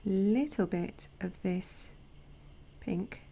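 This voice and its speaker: A woman hosting a watercolor channel, chatting gently as she paints swatches, sometimes dropping to a soft near-whisper and making self-deprecating asides. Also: medium pitch, slow, gravelly, a little hiss or hum. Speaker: watercolor artist and channel host. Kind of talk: casual narration while painting swatches.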